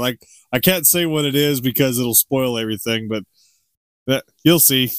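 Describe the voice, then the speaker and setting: A man's voice: mid-range voice, normal speed, clear, resonant tone, dry recording, studio quality. A middle-aged man co-hosting a podcast, chatting casually and rambling with chuckles. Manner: rambling, chuckling, animated impressions. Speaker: podcast co-host. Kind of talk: casual unscripted chat.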